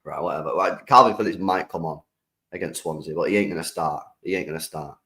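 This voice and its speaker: A young British man hosting a live stream, reacting to football news and chatting with viewers in an animated, slangy way. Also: low voice, fast, rough recording. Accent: British English. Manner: slangy, animated, talks to the chat. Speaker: streamer host.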